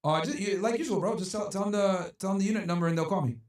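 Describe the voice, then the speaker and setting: A man hosts a livestream, answering his chat in a profane, ranting, casual style. His high, slightly mellow voice comes out rapid-fire, captured in a dry, studio-quality recording.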